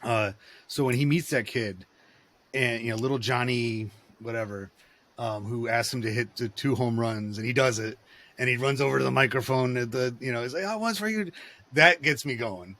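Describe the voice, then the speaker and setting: A man's voice: mid-range voice, steady tone, moderate pace, pushed and bright. A man in casual podcast chat, telling rambling, digressive stories.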